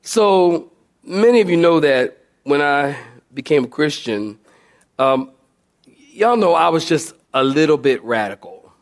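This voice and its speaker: A man with a high, bright voice preaches in a drawl. He tells his story with plenty of energy, laughing as he goes and now and then bellowing out an impression of a drill sergeant. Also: unhurried. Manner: animated, acts out shouting and laughs mid-story. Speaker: pastor. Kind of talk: storytelling sermon.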